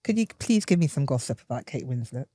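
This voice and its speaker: Woman interviewer, gushing and animated, mid pitch, dry close mic. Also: quick pace, no echo. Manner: gushing, enthusiastic. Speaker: podcast host. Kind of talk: podcast interview.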